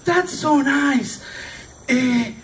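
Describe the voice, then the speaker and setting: A doting elderly woman gushes in a lilting, sing-song voice, as a male storyteller puts her on. Her lines come slowly. They are caught from a distance over steady background noise. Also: extremely high pitch, pitched above the performer's own voice, heavily acted. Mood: gushing. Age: older. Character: elderly foreign woman, sweet and gushing.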